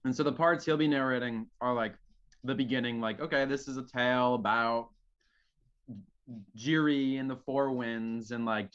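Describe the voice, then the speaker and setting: A man's voice: mid-range voice, highs cut off. A man telling a tabletop campaign tale, rambling with many fillers between storybook narration. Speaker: player reading a prepared story. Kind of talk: casual tabletop game chat and storybook narration.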